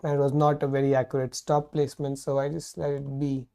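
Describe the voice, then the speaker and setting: Male livestream trader, mellow dark voice, irritated, cursing, thinking aloud. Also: mid-range voice, monotone, fast talker, gravelly. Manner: frustrated, swears often, thinks aloud. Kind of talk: live trading commentary.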